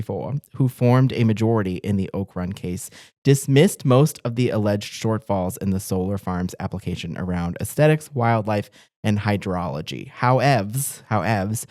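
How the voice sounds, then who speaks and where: A man from Massachusetts talks through the week's stories in a casual rundown, cracking jokes and laughing between fillers. His voice is low, and the sound is close and dry. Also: darkish tone, no room sound. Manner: joking, laughs often, many fillers. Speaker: newspaper reporter co-hosting a news rundown. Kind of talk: casual news rundown chat.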